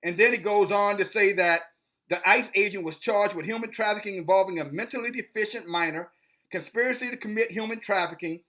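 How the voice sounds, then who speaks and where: A man's voice: high voice, bright, forceful tone. A man giving impassioned commentary and reading a news article aloud. He is confrontational and preachy, calls out his audience, and stumbles over words as he reads. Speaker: video commentator.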